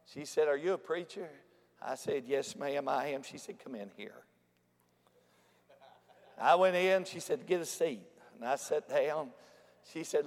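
A man preaching a revival sermon, dropping to hushed storytelling and rising to shouted exclamations. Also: fairly high pitch. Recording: long hall reverb.

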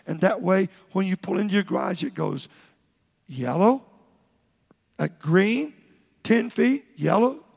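Gravelly-voiced pastor preaching. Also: male voice, high-pitched, in a large hall. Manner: folksy storytelling with quoted voices. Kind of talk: sermon.

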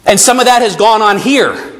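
A man's voice: high-pitched, moderate pace. Man preaching an earnest sermon. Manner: earnest preaching, animated, reads scripture aloud. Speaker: pastor. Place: church sanctuary.

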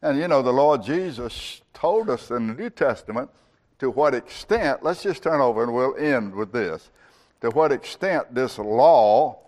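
A man preaching a sermon as a pastor, reciting scripture and speaking God's words in the first person. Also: medium pitch.

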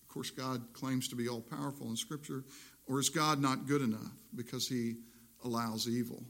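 A man preaching a sermon, reading scripture aloud and explaining it with earnest emphasis. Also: medium pitch. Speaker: pastor.

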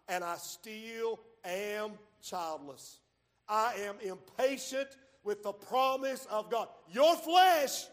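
A high-voiced pastor preaches in a large church hall whose long reverb trails each phrase. He swings from loud, shouted peaks down to low, quiet asides. He slows down and stretches his key lines. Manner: drawls key phrases slowly. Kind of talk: sermon.

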